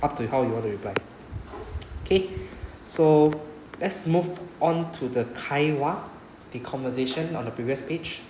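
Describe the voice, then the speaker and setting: A man's voice: medium pitch, normal speed, long pauses, a little mellow, reverberant, slight background noise, poor audio. A man with a Singaporean English accent, teaching a Japanese class and explaining patiently, often checking with "right?". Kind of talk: classroom lecture.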